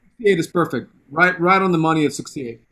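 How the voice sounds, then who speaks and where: A man's voice: on the high side, brisk, bright, forceful tone. A man giving a piano lesson, patiently counting beats aloud and singing the rhythms he wants. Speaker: piano teacher. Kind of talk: online music lesson.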